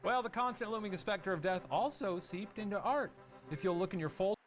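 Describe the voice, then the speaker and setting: A man's voice: high-pitched, expressive, brisk. A man hosting a comedic history quiz, narrating with theatrical flair and putting multiple-choice questions to his guests. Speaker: quiz show host. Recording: music bed behind the voice.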